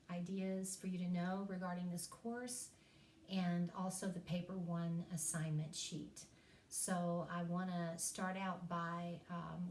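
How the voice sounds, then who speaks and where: A woman's voice: lowish voice, a little mellow, slight background noise. Folksy woman telling classroom stories. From East Tennessee, USA. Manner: folksy storytelling, self-deprecating humor. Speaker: college English teacher. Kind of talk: recorded course lecture. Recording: echoey room.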